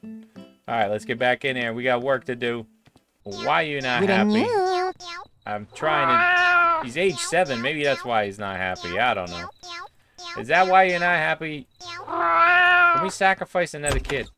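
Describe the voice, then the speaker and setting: A woman giving casual, excitable commentary while playing a video game, often breaking into panicked shouts and squeals. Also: very deep voice, moderate pace. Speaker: gaming video host. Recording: loud game music behind. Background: loud game music.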